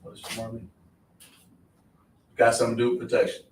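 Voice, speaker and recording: A man's voice: mid-range voice, monotone, fast. A male teacher leads a class at the board, drilling words and checking with his students. He sounds far from the mic in a reverberant room. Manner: repetitive, question-and-answer teaching style. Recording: echoey room, voice from a distance.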